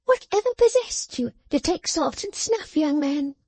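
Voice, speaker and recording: A woman reading an audiobook, voicing a small, sharp-tongued dressmaker with sly spite. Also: sits high, animated, measured pace, no echo, voice pushed up. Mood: tart. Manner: tart, sly.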